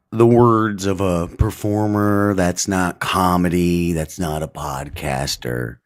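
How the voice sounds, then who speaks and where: A man hosting a livestream, ranting angrily and with heavy profanity. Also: lowish voice. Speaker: livestream host. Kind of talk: livestream commentary.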